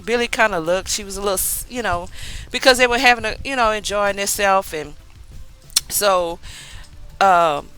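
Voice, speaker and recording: A woman's voice: mid-range voice, moderate pace, pauses often, fairly bright tone, smooth, soft background music, poor audio. A woman casually recapping a TV episode, chatty, with lots of fillers and asides. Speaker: TV recap vlogger.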